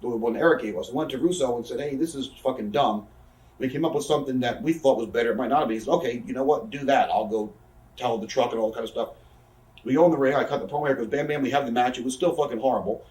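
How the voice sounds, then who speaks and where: A man's voice: medium pitch, a little mellow, distant mic. A man in his thirties, an interview guest telling profane stories and acting out what others said. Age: 30s. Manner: profane, rapid storytelling that acts out quoted people. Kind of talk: casual storytelling in a shoot interview. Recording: roomy echo, speaker off-mic.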